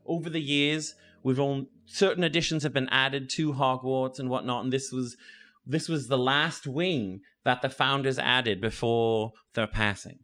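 A man voicing a brisk male school guide who gives rambling, bossy speeches in a tabletop game. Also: medium pitch, fairly even intonation, a bit bright, lightly acted. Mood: pompous.

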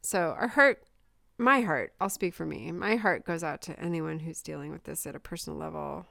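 A woman's voice: low voice, moderate pace, vocal fry, pushed and bright, no room sound, studio quality. A woman in her forties, a mother from Southern California, telling a personal story in a candid, emotional way with many fillers in a casual chat.

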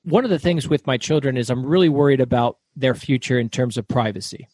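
A middle-aged man telling stories as a guest author in an interview, talking fast and loud. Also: mid-range voice, breathy edge, no room sound. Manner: fast, loud, animated storyteller. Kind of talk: storytelling interview.

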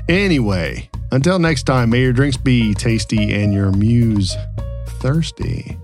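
A man's voice: mid-range voice, animated, takes it slowly, darkish tone, soft background music. A man hosting a casual podcast over drinks, laughing often and teasing his guests. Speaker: podcast host.

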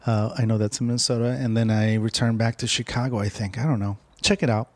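A man's voice: on the low side, steady tone, quick pace, darkish tone, no echo. A man hosting a casual podcast, chatting loosely with lots of fillers and reading his own plugs. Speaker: podcast host. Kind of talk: casual podcast chat and ad reads. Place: Los Angeles.

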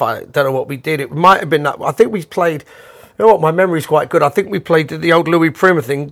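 Gravelly man telling a rambling story. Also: on the high side, quick pace. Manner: rambling, chuckling, animated. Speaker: bandleader telling an anecdote. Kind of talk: casual anecdote storytelling.

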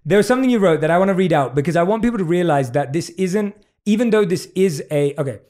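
Effusive British man with a mellow voice. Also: high voice, animated, fast talker. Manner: effusive, reads aloud from a book. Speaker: interviewer. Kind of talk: warm podcast interview.

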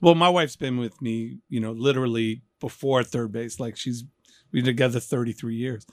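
Animated man in his fifties hosting. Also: mid-range voice, normal speed, no room sound, studio quality. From New York. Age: 50s. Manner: animated, jokey, acts out voices in his anecdotes. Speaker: podcast host. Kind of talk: casual interview chat.

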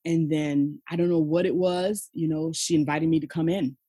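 Husky, frank woman telling her story. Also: sits low, fairly even intonation, moderate pace, warm tone, no echo. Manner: frank, emphatic, sprinkles "okay?" and "you know". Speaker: podcast guest. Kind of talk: candid personal storytelling in conversation.

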